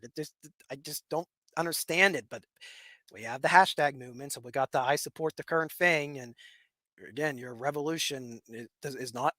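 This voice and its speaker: A man's voice: a little high, pushed and bright, dry recording. A young man from Western Pennsylvania with a Western Pennsylvania accent, hosting a solo commentary show, rambling and repeating words as he talks. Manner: rambling, repeats words, chuckles while talking. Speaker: podcast host.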